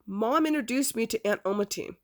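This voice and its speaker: A woman's voice: fairly high pitch, lively intonation, fairly quick, a little mellow. A middle-aged woman telling her own family story casually, rambling and repeating "I said" as she recounts the dialogue. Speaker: adopted daughter telling her family history.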